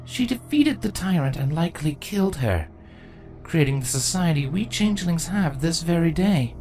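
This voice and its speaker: A woman voicing a proud, sardonic female changeling queen who speaks in a deadpan, matter-of-fact way, in a fan fiction reading. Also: fairly low pitch, normal speed, soft background music, voice pushed up, lightly acted.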